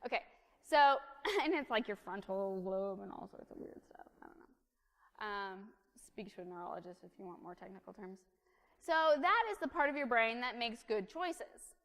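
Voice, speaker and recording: A woman in her thirties giving a chatty, humorous sermon in a church, full of lively asides. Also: mid-range voice, normal speed. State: caffeinated, fast-talking. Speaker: preacher. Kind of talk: conversational sermon. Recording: long reverb of a church hall.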